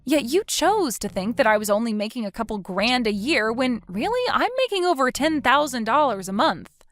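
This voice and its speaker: Lively, firm woman reading a text story. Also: on the high side, normal speed, faint music behind. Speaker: story narrator.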